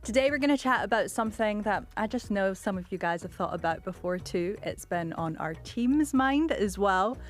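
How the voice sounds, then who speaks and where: A woman's voice: medium pitch, expressive, moderate pace, hardly any pauses, faint music behind. A woman hosting a podcast in casual, friendly, upbeat chat. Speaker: podcast host.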